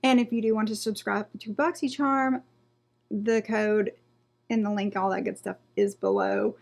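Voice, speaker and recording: A woman's voice: mid-range voice, lively intonation, moderate pace, gravelly. A woman doing a casual beauty unboxing vlog, reading product blurbs aloud and trailing off and restarting as she goes. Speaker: beauty vlogger.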